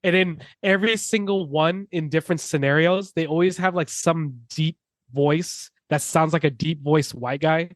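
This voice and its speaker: A man's voice: fairly high pitch, normal speed, no echo. A man hosting a casual podcast chat, rambling through his points. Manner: rambling, heavy on fillers and restarts. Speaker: podcast host.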